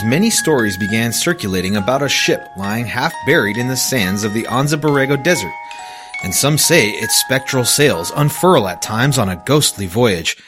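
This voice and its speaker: A man reads a scripted tale of desert legends. His pitch swings widely as he tells it, giving the story a lively, animated lilt.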